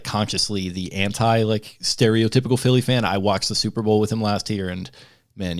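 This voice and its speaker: Young male co-host, low-pitched, dry close mic, easygoing rambler. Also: dry recording. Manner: rambling, filler-heavy, easygoing. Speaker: podcast co-host. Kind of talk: casual sports chat.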